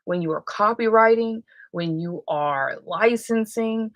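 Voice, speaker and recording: A woman with a mid-range voice hosts a casual livestream, chatting unhurriedly, rambling, and correcting herself mid-sentence. The recording is dry and muffled.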